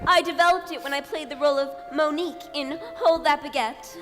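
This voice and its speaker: A woman's voice: high-pitched, steady tone, fairly quick, over music, natural voice. A woman playing a flighty young starlet bride in an amateur stage musical, breathless and melodramatic. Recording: reverberant stage hall with faint noise.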